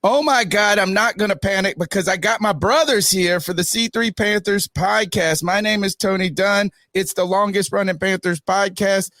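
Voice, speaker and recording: Animated high-voiced podcast host man. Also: moderate pace, hardly any pauses, dry recording, clean studio sound. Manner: animated, emphatic, self-mocking. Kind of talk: casual sports podcast chat. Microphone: video call webcam setup.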